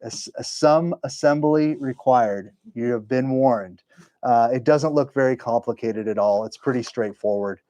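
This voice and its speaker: Mellow-voiced man hosting a casual livestream. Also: mid-range voice, moderate pace, no echo. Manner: rambling, self-correcting, chatty. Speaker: livestream host and engraving business owner. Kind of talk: casual live-stream chat.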